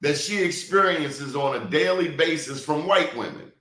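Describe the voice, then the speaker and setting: A man hosting an interview, talking in an emphatic, deliberate way and repeating words for stress. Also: fairly high pitch, bright, forceful tone. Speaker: interview host. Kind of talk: hard-hitting interview. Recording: roomy echo.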